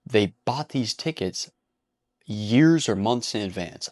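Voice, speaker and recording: A man's voice: on the low side, lively intonation, slow pace, darkish tone. A man hosting a casual vlog commentary, talking bluntly with frequent swearing and breaking into laughter. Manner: blunt and profane, laughs easily. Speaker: commentary channel host.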